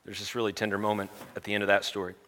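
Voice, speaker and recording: A man preaching a sermon, retelling a story with lively energy and chanting the crowd's lines. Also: on the low side, rapid-fire.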